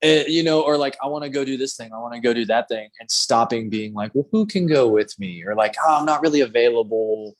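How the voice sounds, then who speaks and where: A man's voice: mid-range voice, a little fast, hardly any pauses. Man, tattoo artist host, casual chat, candid, swears a lot, acts out quotes.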